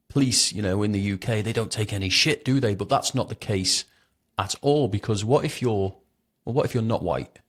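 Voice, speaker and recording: A man's voice: lowish voice, husky. A man hosting his own commentary show, talking in a blunt, indignant and mocking way. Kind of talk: opinionated commentary.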